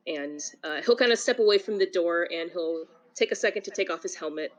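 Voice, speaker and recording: A woman describing her character as a player in a tabletop game, relaxed, with many ums. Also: fairly low pitch, fairly quick, few pauses, rough recording.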